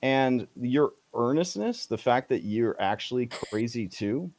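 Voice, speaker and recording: A man narrating as game master of a tabletop game, slow and hesitant with many fillers. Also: medium pitch, lively intonation, darkish tone.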